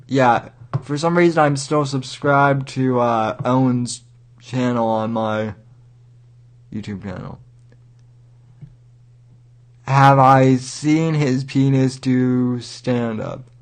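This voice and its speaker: A man hosting a livestream, giving rambling, wry commentary and halting with many restarts. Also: medium pitch. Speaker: livestream host.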